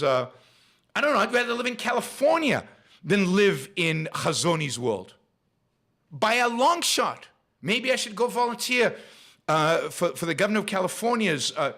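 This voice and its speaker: A man's voice: sits high, sing-song, normal speed, pushed and bright. A man hosting his own show, delivering an opinionated solo commentary monologue and repeating phrases for emphasis. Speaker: show host.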